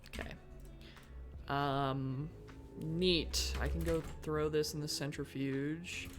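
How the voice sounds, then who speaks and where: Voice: medium pitch, steady tone, slow pace. A streamer thinking aloud through live gameplay, with mock-dramatic bursts of frustration. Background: faint background music.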